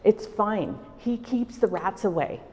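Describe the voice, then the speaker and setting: A woman's voice: mid-range voice, expressive, measured pace, darkish tone. A woman recalling a tiny, fearless old grandmother. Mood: reassuring. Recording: reverberant hall.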